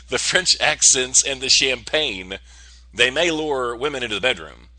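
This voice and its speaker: A man's voice: mid-range voice, animated, slow, bright, forceful tone, dry recording. A man hosting his own online show, talking casually and joking his way through news stories with rambling asides. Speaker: podcast host. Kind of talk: casual comedic monologue.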